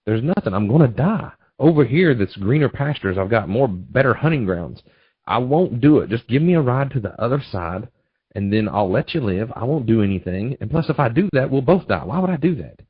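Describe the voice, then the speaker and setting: A man's voice: mid-range voice, lively intonation, fairly quick, slightly rough, dry recording, narrow, tinny audio. A man voicing a small, scheming male scorpion who pleads insistently for a ride. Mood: pleading. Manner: wheedling, insistent.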